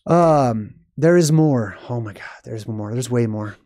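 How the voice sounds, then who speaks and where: A man's voice: medium pitch, a little slow, warm tone, no echo, clean studio sound. A man giving casual, rambling movie commentary in a conspiratorial way, often ending points with "right?".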